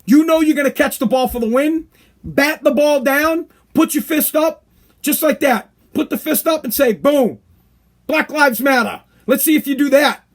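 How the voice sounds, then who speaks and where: Man, high-pitched, podcast host, fired-up, swearing, repetitive, opinion rant. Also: moderate pace. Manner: heated, profane, repeats himself for emphasis. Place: hot room downstairs.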